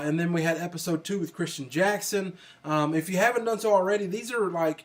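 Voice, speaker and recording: Broadcasting from an office, this livestream host speaks in a fairly high voice with a Southern country American accent. He reads comments aloud in a rambling, casual way, full of ums and false starts.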